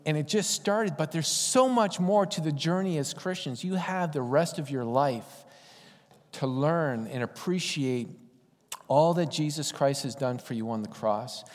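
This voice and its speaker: A man's voice: on the high side, a little slow. A man preaching a sermon in a conversational, folksy storytelling way. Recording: long hall reverb.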